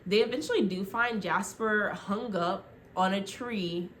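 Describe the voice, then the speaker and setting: A young woman vlogger casually retelling a TV show into her phone, rambling and full of "like" as she acts out quick quotes. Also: mid-range voice, a bit bright, slight background noise.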